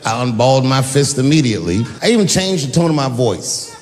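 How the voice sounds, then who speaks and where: A man's voice: medium pitch, sing-song, fairly quick, darkish tone, in a large hall, slight background noise. A man doing a stand-up comedy set with a punchy delivery, acting out voices in his stories.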